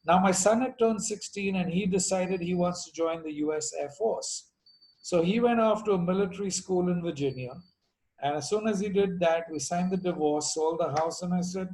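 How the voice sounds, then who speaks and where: A man's voice: high-pitched, normal speed, darkish tone, poor audio. A middle-aged man from India telling his recovery story to a meeting, with dry jokes and asides along the way.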